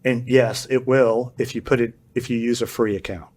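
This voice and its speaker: A man as a podcast guest giving energetic, plain explanations and acting out bits of dialogue. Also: mid-range voice, moderate pace. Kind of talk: podcast interview.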